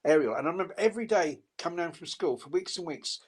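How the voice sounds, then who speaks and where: A man's voice: on the high side, expressive, fast, breathy edge. An older man chatting casually as a co-host, rambling with many restarts and laughs. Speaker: radio co-host. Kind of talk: casual chat.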